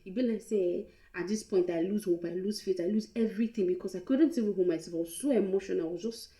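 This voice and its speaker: Mellow-voiced Nigerian woman, candid storytime. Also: medium pitch, fast, reverberant, rough recording. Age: young adult. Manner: candid and emotional, mixing in pidgin. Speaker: vlogger. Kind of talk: storytime vlog.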